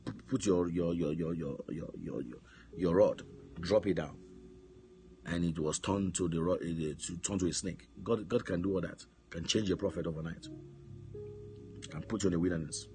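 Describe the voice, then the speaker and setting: A man preaching a sermon, telling stories and now and then shouting out commands, with repeated words. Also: low voice, moderate pace, faint music behind.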